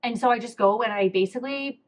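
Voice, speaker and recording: A woman's voice: a little high, fast talker. A young woman hosting a podcast, telling a personal story in a candid, emotional way, with many fillers and close to tears. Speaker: podcast host.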